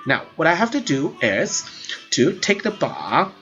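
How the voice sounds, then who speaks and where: This male language teacher has a somewhat high, fairly bright voice full of animation, yet he takes his time. He explains grammar earnestly, repeating words frequently, in a dull lo-fi recording with quiet music behind.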